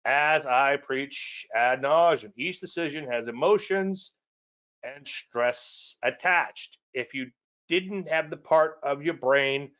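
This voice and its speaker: A man's voice: fairly high pitch, takes it slowly, fairly bright tone, highs cut off. Folksy Cajun man presenting to traders. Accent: Cajun Louisiana. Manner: repetitive, folksy, self-deprecating asides. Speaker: trading educator presenting.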